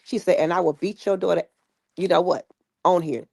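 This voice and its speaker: A woman tells a story in a casual, chatty way, jumping into the voices of the people she quotes. Her voice sits on the low side and has a gravelly edge. The sound is dry and close. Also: moderate pace, dry recording. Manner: animated retelling with quoted voices. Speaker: guest recounting stories.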